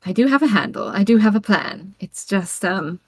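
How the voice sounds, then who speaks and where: A woman's voice: mid-range voice, lively intonation, normal speed, breathy edge, no echo. A woman playing a prim, formal captain. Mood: reassuring. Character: composed female captain, formal and evasive.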